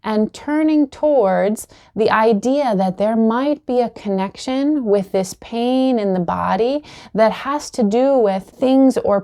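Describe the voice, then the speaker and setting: A woman practitioner giving calm, encouraging advice straight to the viewer. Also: medium pitch. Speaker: acupuncture practitioner and healing coach. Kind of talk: direct-to-camera advice talk.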